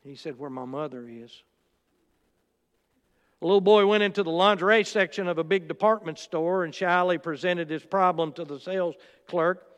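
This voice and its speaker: Male preacher, high smooth voice, storytelling sermon delivery, long hall reverb. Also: moderate pace, a bit bright. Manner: storytelling with quotes and asides.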